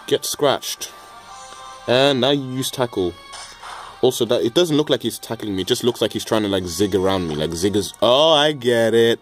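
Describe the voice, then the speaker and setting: A man's voice: lowish voice, moderate pace, soft background music. A man giving casual, joking commentary over a video game, rambling with mild swearing and stammered restarts. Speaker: let's play gamer.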